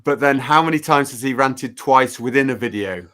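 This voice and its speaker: A man's voice: mid-range voice, normal speed, fairly bright tone. A man co-hosting a pet-health show, joking and laughing easily with friends. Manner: giggly, playful, jokey. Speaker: vet co-host of a live pet-health show. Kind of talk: casual banter over drinks.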